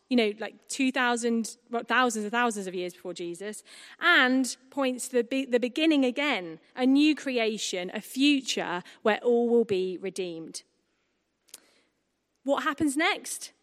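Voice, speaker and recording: A woman from England with a slightly high voice preaches in a church hall, and her words ring out with a long reverb. She talks to the congregation in a lively, conversational way and drops in humorous asides. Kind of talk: sermon at a baptism service.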